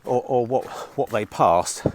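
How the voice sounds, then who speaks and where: Speaking at a measured pace and medium pitch over a noisy background, a middle-aged man chats to camera for his used car dealer vlog. He has a cold and sounds somewhat chesty, rambling matter-of-factly with restarts and occasional swearing.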